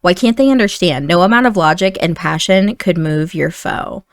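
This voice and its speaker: A woman's voice: fairly low pitch, lively intonation, normal speed, dry recording, studio quality. Chatty Indiana woman narrating a game. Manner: chatty, emotional storytelling. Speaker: game commentator. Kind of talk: narrating a life-sim game story.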